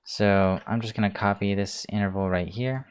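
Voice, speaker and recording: A man hosting a casual screencast coding tutorial, talking through his steps in a relaxed way with many ums, keyboard clicks heard. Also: fairly low pitch, normal speed, clean tone. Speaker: tutorial host.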